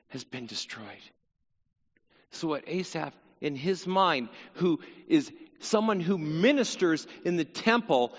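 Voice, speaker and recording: High-voiced earnest preacher in a reverberant hall. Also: male voice, fairly bright tone, muffled recording. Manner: earnest, repeats phrases, voices the psalmist's plea. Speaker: Bible teacher. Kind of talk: sermon-style Bible teaching.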